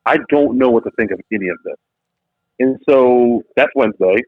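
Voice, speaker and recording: A man, a business founder and podcast guest, telling a story in lively conversation and acting out quotes in different voices. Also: medium pitch, moderate pace, no room sound. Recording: tinny phone-like line, dry.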